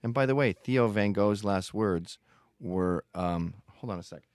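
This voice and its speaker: Low-voiced guy rambling on his podcast, swears a lot, dry sound. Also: measured pace, darkish tone, clear, resonant tone, no room sound. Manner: blunt, profane, digressive. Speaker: podcast host. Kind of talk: casual monologue.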